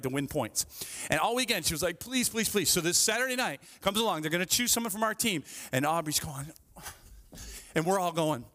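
A man's voice: on the high side, long reverb tail. Fervent middle-aged man preaching. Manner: animated storytelling, swings from hushed to fervent; frequent "right?" asides, repeats phrases. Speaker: pastor. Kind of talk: sermon.

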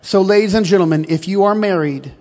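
A man's voice: high-pitched, fairly quick, a little mellow, long reverb tail. A middle-aged male pastor preaching a sermon, telling stories and joking, calling out to the congregation. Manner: storytelling, joking, calls out to the congregation. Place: church sanctuary.

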